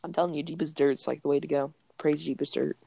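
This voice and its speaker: A man's voice: fairly high pitch, steady tone, quick pace, vocal fry, warm tone, dry recording. A young man co-hosting a gaming podcast, chatting casually and joking around while he plays. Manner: goofy, joking, rambling. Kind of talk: casual gameplay chat.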